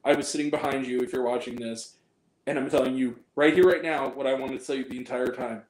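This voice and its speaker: A man with a medium-pitched, fairly even voice rants fast and angrily on his movie review vlog. His monologue is heated and profane, often repeating itself, and the room gives a roomy echo.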